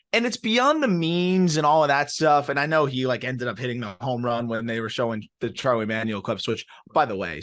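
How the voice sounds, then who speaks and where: A man from South Florida co-hosting a baseball podcast, talking fast and emphatically with lots of fillers. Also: mid-range voice. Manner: excited, emphatic fan talk with many fillers. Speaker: podcast co-host. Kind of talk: casual sports podcast chat.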